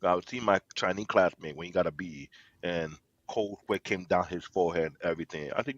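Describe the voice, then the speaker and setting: A man's voice: low voice, a little fast, no room sound, highs cut off. A man from Nigeria with a Nigerian accent, a guest telling comic stories in casual chat. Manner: animated, comic storytelling.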